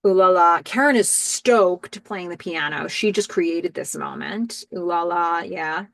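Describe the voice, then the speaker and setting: A woman's voice: on the low side, measured pace, vocal fry, dry recording. Middle-aged woman host, enthusiastic recapper, dry close sound. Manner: animated, enthusiastic. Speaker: podcast host. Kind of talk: TV episode recap.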